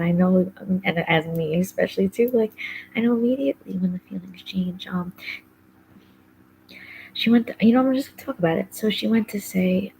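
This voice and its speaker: On poor audio with a little hiss or hum, a woman with a lowish, creaky, darkish voice hosts a podcast. She rambles casually about personal matters, leaning heavily on fillers like "like" and "um" and often sinking into a whispery undertone.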